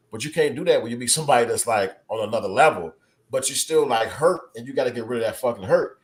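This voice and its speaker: A man holding forth in a casual group podcast chat. His voice sits in an ordinary middle pitch. He talks candidly and profanely, often doubling his words as he makes a point. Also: animated, fast. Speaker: podcast co-host.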